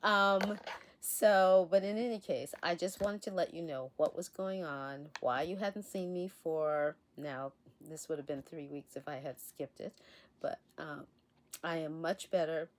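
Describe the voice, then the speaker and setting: A woman hosting her own channel, chatting to camera in a casual, rambling way while her voice is still hoarse from illness. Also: deep voice, fairly even intonation, a little slow, a little hiss or hum. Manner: chatty, rambling with restarts and soft laughs. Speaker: essential oils channel host. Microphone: facing a camera.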